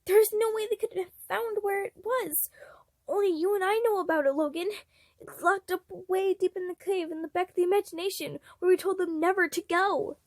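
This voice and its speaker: A distraught young man whose voice shoots up high and frantic, as a woman puts him on. He rushes through his words close to breaking down, a read-aloud storybook figure. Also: dry recording.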